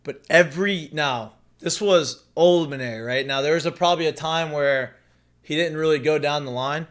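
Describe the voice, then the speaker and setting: Male podcast host in his 30s, bright forceful voice, easygoing and agreeable. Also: fairly high pitch, moderate pace. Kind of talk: casual chat.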